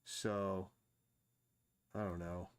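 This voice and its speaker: A man's voice: low voice, level tone, extremely slow, clear, resonant tone. A man thinking aloud and rambling casually while he draws on a live stream. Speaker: artist streaming his drawing.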